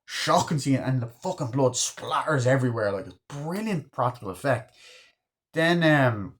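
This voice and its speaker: A man's voice: mid-range voice, animated, normal speed. Male movie reviewer, casual and rambling, heavy swearing, mid-range voice. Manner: rambling, swears freely, retells scenes. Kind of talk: casual spoken film review.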